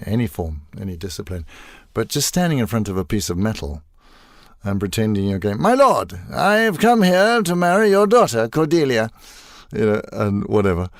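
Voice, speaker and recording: A man's voice: lowish voice, no echo, clean studio sound. A man in his sixties from South Africa, a voice actor telling wry anecdotes as an interview guest. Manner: animated, wry, tells anecdotes with playful asides. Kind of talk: casual interview storytelling.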